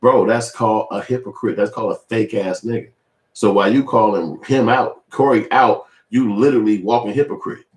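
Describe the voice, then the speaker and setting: A man in his forties giving casual, profane commentary, animated and switching into high mimicking voices. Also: brisk, roomy sound. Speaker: video commentator.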